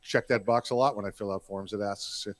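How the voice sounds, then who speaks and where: A man's voice: lowish voice, steady tone, a little fast, dry recording. Wisecracking male co-host, dry sound. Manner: joking, wisecracking. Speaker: podcast co-host. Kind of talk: casual political banter.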